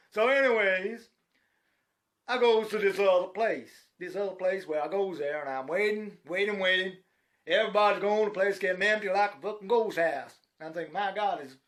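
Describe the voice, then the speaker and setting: A man's voice: high voice, fairly bright tone. A man rambling through a comic story in an exasperated way, acting out the other voices himself. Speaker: comedic storyteller playing Zach. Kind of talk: comic monologue retelling a story.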